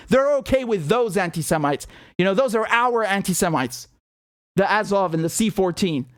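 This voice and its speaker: Male host, high-pitched, furious profane rant, dry close mic. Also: no room sound. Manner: angry, ranting, profane, repetitive. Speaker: political commentator host. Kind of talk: impassioned monologue.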